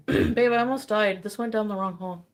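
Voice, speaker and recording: A woman's voice: medium pitch, moderate pace, noisy background. A woman chatting casually on a livestream, tired and giddy, greeting viewers with bubbly squeals. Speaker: livestream host.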